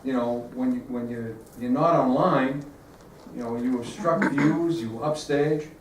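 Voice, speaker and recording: A man directing a rehearsal on a stage, giving brisk notes and checking in with "okay?" after each point. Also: medium pitch, a little hiss or hum. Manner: brisk, repeats "okay?", acts out lines loudly. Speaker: theater director. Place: theater stage. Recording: echoey stage from far off, faint ambience.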